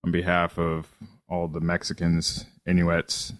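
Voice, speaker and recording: A young man with a very low voice co-hosts a podcast in a dry, deadpan manner. The recording is close and dry. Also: a little slow, no room sound. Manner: dry, deadpan list-reading. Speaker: podcast co-host. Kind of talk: casual joking chat.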